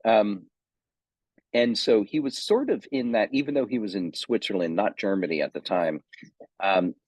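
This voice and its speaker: A man's voice: on the low side, expressive, normal speed, darkish tone, dry recording. A man giving an unscripted seminary lecture on theology, thinking aloud with many ums and self-corrections.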